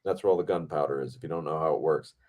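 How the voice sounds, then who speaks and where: A man hosting a podcast, telling a set story in a casual, animated way, with frequent swearing and fillers. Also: extremely low pitch, very fast. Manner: animated, profane, lots of fillers. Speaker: podcast host.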